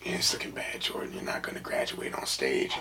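A young man from San Francisco telling a rambling personal story in casual talk, full of filler phrases and half-whispered asides. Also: brisk. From San Francisco, USA.

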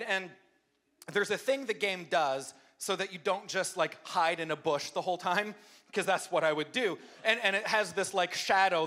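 Pastor guy telling a goofy story, high voice, bright and punchy, pokes fun at himself. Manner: upbeat, self-deprecating, animated impressions. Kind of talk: humorous storytelling sermon. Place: church service before a live audience.

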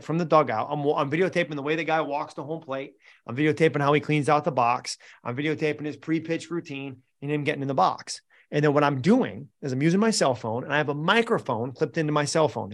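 A man hosting a live group coaching call, telling coaching stories in an energetic, encouraging way. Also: a little high, fairly quick. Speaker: mental performance coach, host. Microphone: video call.

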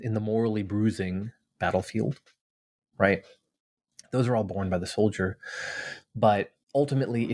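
A man with a fairly low voice reads a passage and then talks it through in an earnest, searching manner. He often restarts his sentences and tags them with little questions. The sound is dry and close. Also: no echo. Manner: earnest, thoughtful, many restarts and "right?" tags. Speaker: author and veteran guest. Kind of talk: reading aloud then interview answers.

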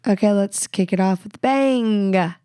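A woman's voice: medium pitch, warm tone, clean tone, no room sound, studio quality. A woman in her thirties, congested, giving blunt, candid advice as a podcast host. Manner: blunt, candid, quick asides. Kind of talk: casual advice chat.

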